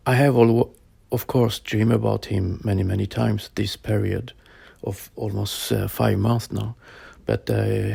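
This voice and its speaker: Slow, gravelly man in his forties. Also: on the low side, a little mellow, no echo. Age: 40s. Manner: halting, plain phrasing with frequent pauses and fillers. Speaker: storyteller sharing a personal experience. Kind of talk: personal spoken account.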